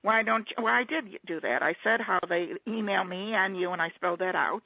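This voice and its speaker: A woman hosting a teleconference casually, talking haltingly with many restarts and fillers over a muffled conference-call line. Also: medium pitch, creaky, dry recording.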